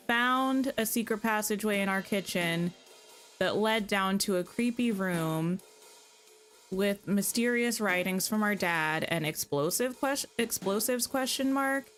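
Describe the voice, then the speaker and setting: A woman streamer with a medium-pitched, fairly bright voice plays a story game, chatting and reading the narration aloud. Her let's-play commentary is casual, chatty, and full of laughing recaps.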